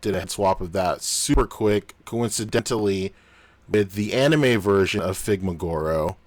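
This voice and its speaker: A man with a low, deep voice chatting casually as a podcast co-host. His delivery is loose and profane, broken up by frequent laughter. The sound is dry and close, with no room around it. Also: moderate pace, dry recording. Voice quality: unusually deep on this mic. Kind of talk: casual chat.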